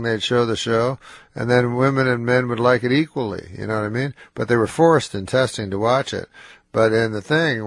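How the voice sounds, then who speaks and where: Tired, nasal, gravelly-voiced man. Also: no room sound. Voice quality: nasal, low and slurring. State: tired and stuffed up, on cold medicine. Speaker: comedian guest. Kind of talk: casual radio interview. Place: radio studio.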